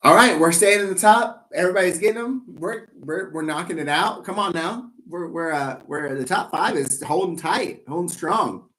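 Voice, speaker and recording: A man's voice: sits high, moderate pace, few pauses, fairly bright tone. Chatty man hosting live trivia. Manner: playful, rambling, self-teasing asides. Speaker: trivia game host.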